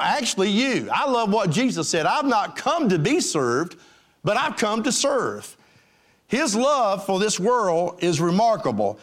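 An older man preaching a folksy sermon, with emphatic lines and joking asides. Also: high-pitched. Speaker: pastor.

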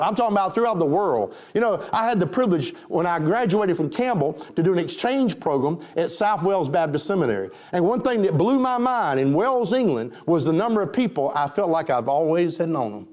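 A man's voice: sits high, animated, a little fast, a little mellow. A man preaching an emphatic sermon and calling for amens.

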